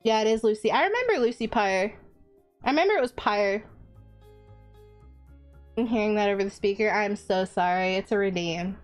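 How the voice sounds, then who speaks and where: A woman's voice: medium pitch, expressive, moderate pace, pauses often, faint music behind. A woman live streamer chatting casually with her viewers, blunt and profane, teasing them as she goes.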